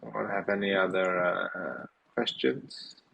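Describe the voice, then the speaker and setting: Tired, gravelly low-voiced man. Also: unhurried, slight background noise, low-quality recording. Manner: relaxed, rambling, many fillers. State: tired, yawning. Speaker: host of a community Q&A. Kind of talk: casual live audio chat.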